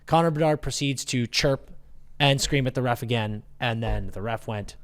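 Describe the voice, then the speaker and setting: A man's voice: medium pitch, moderate pace. A male podcast host with a mid-range voice who rants and swears freely. He tells stories in a blunt, casual way. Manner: profane, ranting storyteller. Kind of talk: casual chat.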